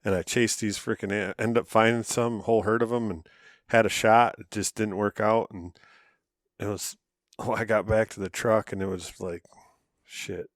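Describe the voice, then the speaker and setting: A man co-hosting a podcast, telling a story in a relaxed, self-deprecating way and chuckling between phrases. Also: lowish voice, normal speed, no echo, clean studio sound. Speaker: podcast co-host. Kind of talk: casual chat.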